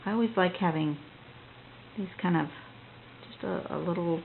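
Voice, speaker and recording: Gravelly woman chatting through a drawing lesson. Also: fairly low pitch, normal speed. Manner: chatty and rambling, with frequent restarts. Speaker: drawing instructor. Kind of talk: casual drawing tutorial, thinking aloud. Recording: tinny phone-like audio with faint noise.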